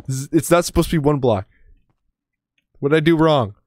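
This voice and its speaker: A man's voice: a little high, brisk, a little mellow, no room sound. Joking young streamer man, dry sound. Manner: joking, rambling, self-mocking. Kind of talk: casual gaming commentary.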